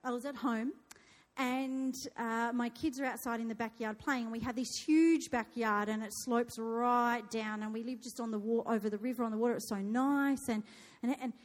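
Australian woman preacher, 30s, chatty and storytelling; high voice, big hall reverb. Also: moderate pace. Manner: lively, chatty, laughing asides. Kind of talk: sermon with personal storytelling. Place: church hall.

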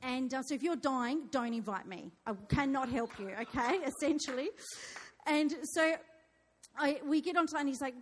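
A woman's voice: high-pitched, normal speed. A woman, telling a dramatic personal story to an audience and acting out her own panicked cries. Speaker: speaker sharing a testimony. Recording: long hall reverb.

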